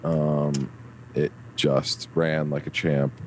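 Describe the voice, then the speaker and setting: A man's voice: extremely low pitch, flat delivery, takes it slowly, a little hiss or hum. A man chatting casually as a podcast guest, enthusiastic and rambling with plenty of fillers. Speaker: guest reporting from a trade show.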